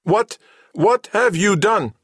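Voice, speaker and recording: A man voicing a pompous man trapped in a clumsy mechanical body, whose voice box squeals high and shrill when he is furious. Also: expressive, takes it slowly, fairly bright tone, husky, no room sound, studio quality, full character voice. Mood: alarmed.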